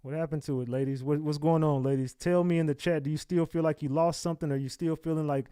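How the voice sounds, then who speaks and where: A man's voice: a little high, fairly even intonation, fast talker, warm tone, smooth, no room sound, clean studio sound. A man hosting a livestream, talking casually to his viewers and asking them to like and subscribe. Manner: talks straight to viewers, asks for likes. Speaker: livestream host. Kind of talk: casual commentary to live chat.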